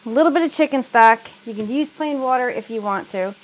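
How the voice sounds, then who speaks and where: A woman's voice: on the high side, brisk, rough recording. Chatty woman cooking in her kitchen. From United States. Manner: chatty, laughs often, reads and answers live comments. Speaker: cooking livestream host. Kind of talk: casual chat while cooking. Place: home kitchen.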